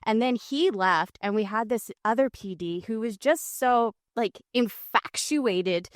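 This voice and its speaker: A woman's voice: on the high side, unhurried, no echo, studio quality. Candid woman with a French accent. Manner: candid storytelling, long rants. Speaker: podcast co-host, former radio host. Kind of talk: casual chat.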